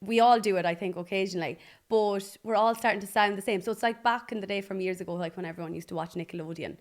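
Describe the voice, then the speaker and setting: Host: woman, mid-pitched voice, chatty and encouraging, casual interview tone. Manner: chatty, encouraging, quick asides. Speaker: podcast host.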